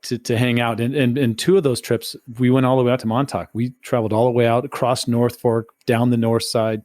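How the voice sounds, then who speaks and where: A man's voice: mid-range voice, little pitch movement, fairly quick, a little mellow, no room sound, studio quality. A middle-aged man hosting a podcast, asking enthusiastic, friendly questions in casual chat. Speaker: podcast host.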